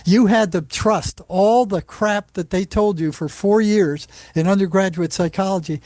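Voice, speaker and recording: A man who worked as a psychologist on a psychiatric unit, telling animated anecdotes in a casual interview with lots of restarts. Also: high-pitched, normal speed, no echo, studio quality.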